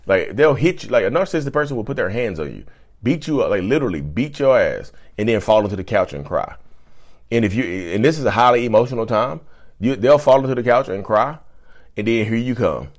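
Lowish-voiced guy vlogging advice, blunt, repeats himself a lot, slangy and emphatic. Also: lively intonation, a little fast. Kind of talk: casual advice talk to camera.

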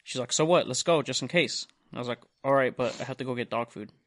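A man's voice: mid-range voice, quick pace. A young man hosting a podcast, telling a long profane story in casual chat, acting out the other people's lines. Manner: profane, animated storytelling with quoted voices. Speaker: podcast host.

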